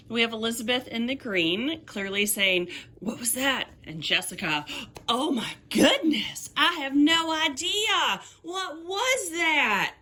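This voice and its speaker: A woman with a mid-range voice talks through a book review at an easy, unhurried pace. Her tone is wry and sarcastic, and small laughs slip into her sentences. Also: medium pitch, bright, forceful tone, slight background noise. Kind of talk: casual book review chat.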